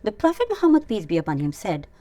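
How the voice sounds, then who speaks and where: A woman hosting an Islamic teaching channel, reading a scripted lesson in an earnest, measured way. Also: medium pitch, wildly swooping pitch, mellow, no echo. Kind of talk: scripted religious teaching narration.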